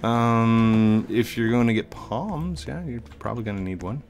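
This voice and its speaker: A man's voice: a little slow, a little hiss or hum. A man hosting a casual gameplay session, joking, laughing and humming along. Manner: playful, laughs often, hums and sings along; excitable, pitch jumps high when alarmed. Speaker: gaming channel host.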